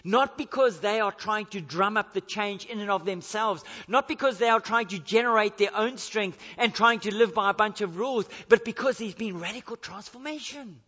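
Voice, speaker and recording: A man preaching a sermon, emphatic and repetitive, building to forceful declarations. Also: sits high, normal speed, few pauses. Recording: echoey hall, dull lo-fi.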